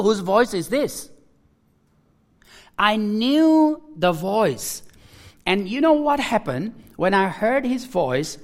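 A man preaching a personal testimony, emotional and halting, repeating his phrases and restarting as he speaks. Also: sits high.

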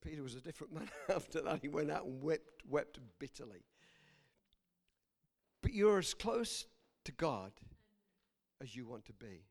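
A male preacher with a high, lively voice that leaps up and down as he preaches. He laughs between lines and swings from loud exclamations to hushed, quiet passages. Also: measured pace, vocal fry, long pauses. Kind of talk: sermon.

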